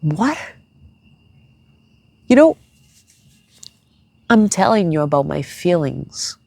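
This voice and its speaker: A young woman talking to her viewers in a tearful personal vlog, halting and searching for words in English, which is not her first language. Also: low voice, big pitch swings, vocal fry, mellow, no room sound. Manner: confiding, speaks straight to viewers. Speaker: vlogger.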